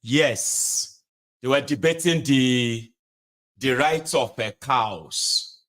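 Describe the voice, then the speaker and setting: A Nigerian-accented man delivering heated political commentary at a middling pitch. He talks in an indignant, emphatic way and repeats words to drive his point home. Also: very slow, a bit bright. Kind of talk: opinionated commentary.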